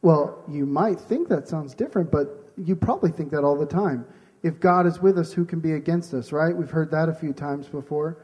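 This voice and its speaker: A man's voice: a little high, normal speed, breathy edge, highs cut off. A man framing a question for discussion, rephrasing it in a thoughtful, conversational way. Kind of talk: conversational preaching.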